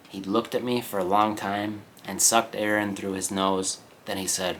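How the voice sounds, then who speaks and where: A low-voiced man reads a novel aloud for English learners and stops now and then to explain words. His delivery is slow and explanatory, with frequent check-ins. A faint hiss sits under the voice. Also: steady tone, a bit bright. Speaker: English teacher.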